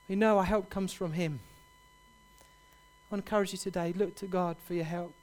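A man preaching a sermon, building to loud, impassioned repeated cries. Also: high voice, fairly even intonation, moderate pace, pauses often.

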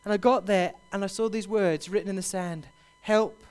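Impassioned high-voiced preacher. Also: male voice, steady tone, a little fast, clear, resonant tone. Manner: impassioned, swells loud on repeated cries for help. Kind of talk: sermon.

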